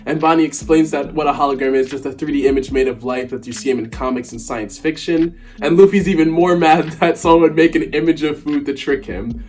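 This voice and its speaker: A man's voice: fairly high pitch, a little fast, darkish tone, soft background music. A man co-hosting a casual chat, telling a comic story with amusement. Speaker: co-host.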